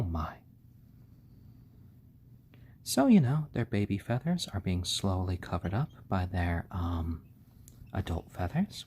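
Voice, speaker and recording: A man hosting a casual live stream, talking gently and fondly to his baby chicks and thanking viewers. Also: sits low, slight background noise. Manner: gentle, doting, talks softly to the chicks.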